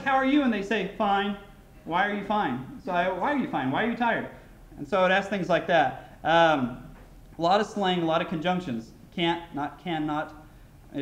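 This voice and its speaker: A man's voice: sits high, echoey room. An American man giving a casual, anecdote-filled keynote speech at a conference, often restarting sentences and using fillers. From United States. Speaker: keynote speaker. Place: large conference hall.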